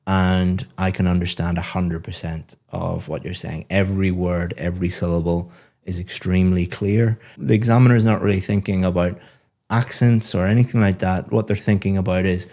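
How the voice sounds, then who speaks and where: A man acting as a speaking-test examiner, asking questions and then giving a student measured, encouraging feedback. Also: low voice, steady tone, dark tone. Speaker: IELTS examiner and teacher. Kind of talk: exam questions and spoken feedback.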